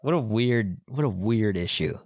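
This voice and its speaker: A man's voice: fairly low pitch, expressive, normal speed, a little mellow, no room sound, studio quality. A man co-hosting a casual comic podcast, loose and cheerful, swearing freely and laughing often. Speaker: podcast co-host. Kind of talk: casual comic book discussion.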